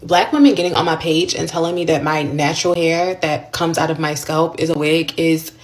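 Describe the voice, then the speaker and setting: A woman's voice: low voice, fairly even intonation, a little fast, reverberant, background noise. A woman ranting in a vlog, outspoken and frustrated. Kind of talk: vlog rant.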